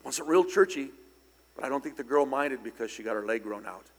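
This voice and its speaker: An older man preaching a storytelling sermon, speaking conversationally with sudden loud, emphatic bursts. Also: medium pitch, animated, brisk, husky. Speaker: pastor. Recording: long church hall reverb.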